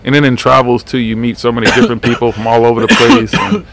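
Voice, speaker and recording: A man's voice: medium pitch, quick pace, a bit bright. A man hosting a live paranormal radio show, chatting in a rambling, profane, laid-back way. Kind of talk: casual live radio chat.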